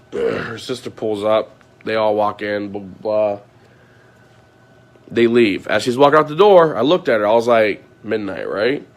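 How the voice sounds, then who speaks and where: A man's voice: lowish voice, measured pace, pauses often. Aggrieved man ranting to viewers. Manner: aggrieved, repetitive, swears often. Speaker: vlogger.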